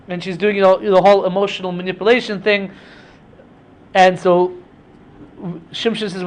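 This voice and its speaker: A man with a high voice teaches by retelling a story in a relaxed, chatty way. He often stops for asides and checks that listeners follow. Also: moderate pace, long pauses. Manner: chatty, with frequent fillers and asides. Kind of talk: casual storytelling lesson.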